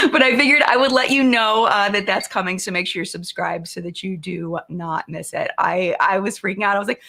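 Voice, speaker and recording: A woman hosting a casual live-stream chat, talking in a chatty, excitable way with frequent fillers and laughter. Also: mid-range voice, brisk, vocal fry, few pauses.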